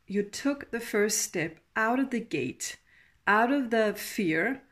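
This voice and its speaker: A woman giving a tarot reading in a halting, emotional way, with sighs and soft laughs. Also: a little high, expressive. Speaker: tarot reader.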